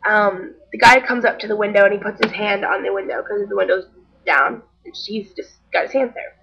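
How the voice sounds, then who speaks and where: A young woman telling a story in a casual vlog, chatty and animated, acting out the people she quotes. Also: medium pitch, a little fast, vocal fry, highs cut off, slight background noise.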